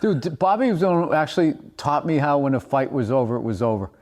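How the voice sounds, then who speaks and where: A man's voice: a little high, animated, fast talker, darkish tone. A man co-hosting a podcast, telling rambling stories full of swearing and laughter. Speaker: podcast co-host. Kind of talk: casual storytelling.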